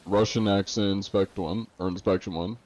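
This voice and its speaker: A man's voice: low-pitched, fairly even intonation, normal speed, darkish tone, lo-fi sound. A man streaming a game live from a room at home, chatting playfully and jokingly greeting his viewers by name. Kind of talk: casual live-stream chat.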